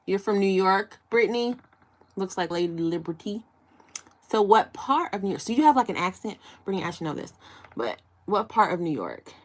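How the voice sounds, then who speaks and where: A woman's voice: mid-range voice, very animated, normal speed. Giggly young woman live-streaming. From Chicago, USA. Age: 20s. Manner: chatty, giggly, reading out viewer comments. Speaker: livestream host. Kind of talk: casual live-stream chat with viewers.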